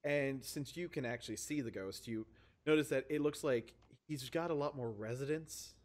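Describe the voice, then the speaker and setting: A man narrating as game master of a tabletop game, relaxed and chatty with frequent fillers. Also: mid-range voice, moderate pace.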